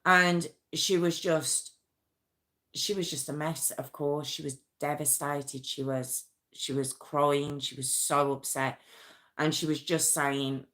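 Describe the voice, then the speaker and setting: Low-voiced woman retelling a true crime. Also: level tone, bright, forceful tone. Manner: emotional, halting, many restarts and pauses. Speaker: true crime channel host.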